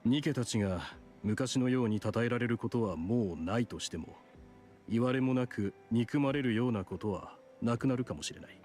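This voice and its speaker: An actor playing a smooth, self-serving middle-aged male doctor in a video game, calm and polite in a matter-of-fact way. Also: mid-range voice, fast talker, soft background music, natural voice. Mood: explaining. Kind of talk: game voice acting.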